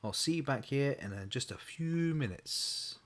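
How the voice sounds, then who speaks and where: Guy running a quiz stream, chatty and upbeat, mid pitched. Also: lively intonation, measured pace. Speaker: quiz host. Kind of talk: casual online quiz hosting.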